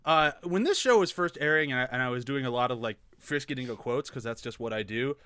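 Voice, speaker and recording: A man co-hosting a casual podcast, animated and laughing often, swearing freely. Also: medium pitch, fast talker, clean tone, no echo. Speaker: podcast co-host.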